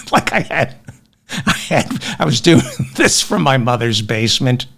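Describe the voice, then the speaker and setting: A man's voice: medium pitch, very animated, unhurried, vocal fry, fairly bright tone. A man hosting a comedic news podcast, ranting with sarcastic, self-deprecating asides. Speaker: podcast host.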